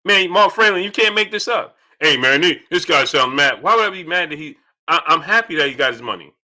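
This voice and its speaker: A young man hosting a casual live stream, reading viewer chats aloud and answering them in an animated way that repeats itself. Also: on the high side, a little fast. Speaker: livestream host reading super chats. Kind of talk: casual livestream chat.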